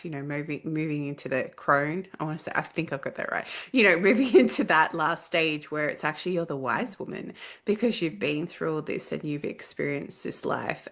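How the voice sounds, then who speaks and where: A woman hosts a relaxed interview podcast, her voice sitting a little low. She talks in a loose, chatty way and fills her stories with "like" and "you know.". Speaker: podcast host. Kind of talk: casual interview chat.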